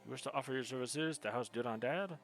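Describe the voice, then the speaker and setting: A man's voice: mid-range voice, fast, music in the background, pitched above the performer's own voice, lightly acted. A man voicing a proud, haughty male knight commander in a put-on French accent, speaking formally and stiffly. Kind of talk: reading game dialogue in voices.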